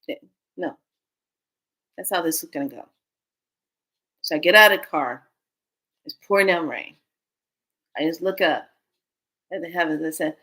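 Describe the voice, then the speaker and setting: A woman telling a personal story as a spiritual speaker, expressive and acting out the dialogue. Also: low-pitched, normal speed, pauses often, husky.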